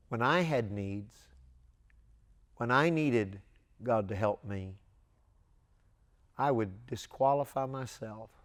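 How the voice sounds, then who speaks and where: A man, a pastor, giving a televised sermon in an earnest, emphatic way with long dramatic pauses. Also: lowish voice.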